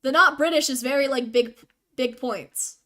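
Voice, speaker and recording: Young woman, high voice, game streamer, casual rambling chat, self-deprecating. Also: moderate pace, sharp tone.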